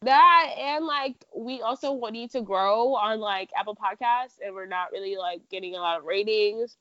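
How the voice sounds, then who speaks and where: A young woman co-hosting a podcast in casual chat, expressive, drawling some words and acting out quotes. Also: medium pitch, normal speed, dry recording, dull audio. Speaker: podcast co-host.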